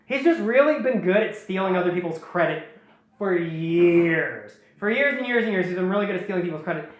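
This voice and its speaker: A woman's voice: fairly low pitch, animated, brisk. A woman host casually retelling a story in a rambling, jokey way with many fillers and restarts. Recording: very echoey room.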